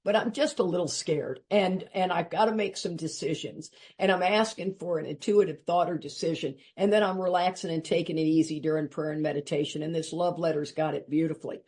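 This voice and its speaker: Older Texan woman, recovery-meeting speaker; earnest and emphatic, low-ish voice. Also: steady tone, a little fast, few pauses, a little mellow. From Texas, US. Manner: earnest and emphatic, rising in pitch when urging listeners. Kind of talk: personal share at a recovery meeting.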